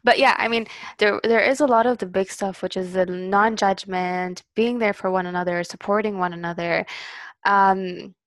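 A young woman chats casually into a close, dry mic, her pitch in an ordinary middle range. She jokes, giggles, and tosses in quick quoted asides. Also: steady tone, no echo. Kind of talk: casual chat, storytelling.

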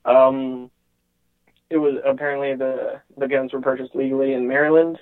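A man's voice: medium pitch, flat delivery, normal speed. A man calling in to a show, talking casually with many hesitations and small laughs. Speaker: caller. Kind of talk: casual call-in chat. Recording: tinny phone line.

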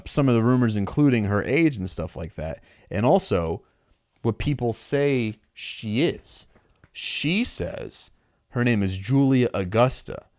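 Low-voiced man recapping a story casually. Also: dry recording, clean studio sound. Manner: animated storytelling with quick acted-out quotes. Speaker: podcast co-host recapping a comic. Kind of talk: casual chat.

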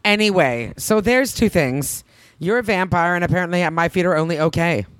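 A woman's voice: fairly low pitch, normal speed, a little hiss or hum. A woman co-hosting a podcast in casual chat, joking about herself. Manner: jokey, self-deprecating, animated. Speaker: podcast co-host.

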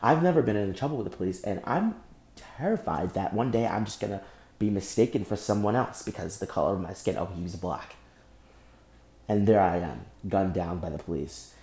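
A young man hosting a solo podcast, speaking angrily and with deep emotion, often breaking off and repeating himself. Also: fairly quick, mellow, roomy sound. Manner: angry, emotional, repeats and restarts. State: emotionally shaken. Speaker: podcast host. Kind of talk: impassioned solo podcast monologue.

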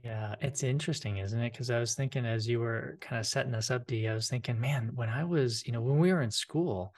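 A man's voice: mid-range voice, fairly quick, darkish tone. A man co-hosting a podcast, upbeat and joking in casual chat. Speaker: podcast co-host.

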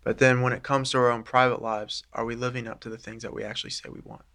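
A man's voice: medium pitch, flat delivery, fast talker, creaky, bright, forceful tone. A man giving an informal, earnest teaching talk to a small church group, laying out ideas step by step in a conversational way.

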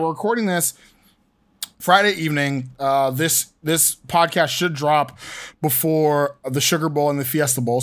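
Sports podcast co-host: a man with a slightly higher voice, quick to joke and laugh, animated delivery. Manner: joking, animated, laughs often. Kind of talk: casual sports podcast chat.

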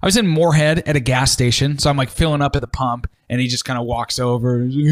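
Male radio co-host, relaxed and joking, mid-pitched, easygoing delivery. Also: fast talker. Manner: laid-back, teasing, trails off mid-sentence. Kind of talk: casual chat.

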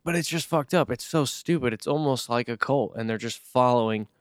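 A man's voice: medium pitch, fairly quick, clear, resonant tone, no echo, studio quality. A man talking bluntly in a casual podcast chat, full of "like" and "dude". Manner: blunt, swears, says "like" and "dude" a lot. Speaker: podcast co-host.

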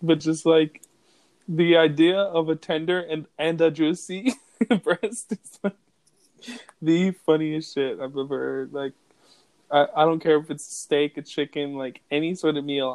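A man's voice: a little high, fairly even intonation, unhurried, darkish tone, no echo. A young man co-hosting a podcast, joking and laughing as he retells movie scenes and quotes lines in casual chat. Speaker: podcast co-host.

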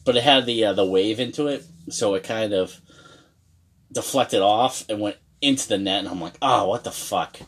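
A man in his mid-thirties tells an old story in a loose, conversational way. His voice sits a little low, and he swears freely, often restarting sentences. He is from Massachusetts. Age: 30s. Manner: profane, animated storyteller with restarts. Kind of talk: casual storytelling.

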